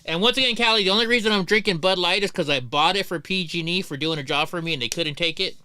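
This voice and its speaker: A man's voice: high-pitched, fast, bright, forceful tone, smooth, dry recording. A middle-aged man hosting a livestream, telling rambling, profane stories in casual chat. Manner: rambling, profane, many restarts. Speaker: livestream host.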